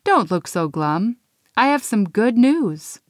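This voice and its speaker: A woman voicing a jolly, kindly old Santa Claus who talks warmly and gently. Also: mid-range voice, sing-song, takes it slowly, dry recording, clean studio sound. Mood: reassuring.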